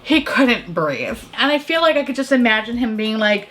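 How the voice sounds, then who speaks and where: A woman vlogger chatting while doing her makeup at home, telling an embarrassing story in an animated, self-mocking way. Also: a little high, moderate pace. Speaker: beauty vlogger. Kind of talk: chatty get-ready-with-me storytelling.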